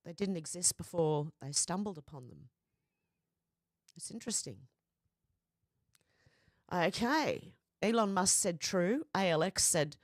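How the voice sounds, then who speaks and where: A woman's voice: fairly low pitch, no room sound, clean studio sound. A woman hosting a casual commentary vlog, chatty and repeatedly breaking into laughter. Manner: giggly, chatty, prone to laughing fits. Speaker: vlog host.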